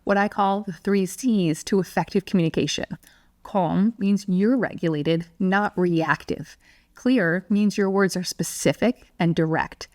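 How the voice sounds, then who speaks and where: Calm, clear woman teaching parents. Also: mid-range voice, unhurried, no room sound, studio quality. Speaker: parenting educator. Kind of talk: scripted teaching monologue.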